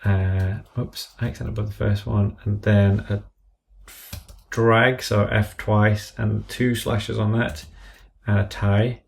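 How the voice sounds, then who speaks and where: A man's voice: lowish voice, level tone, creaky. A man walking through entering drum notation in a music app, methodically calling out notes and stickings and correcting himself as he goes. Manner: slow, methodical, muttering self-corrections while entering notes. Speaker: app tutorial presenter. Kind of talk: screen-recorded software walkthrough. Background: computer keyboard and mouse clicks.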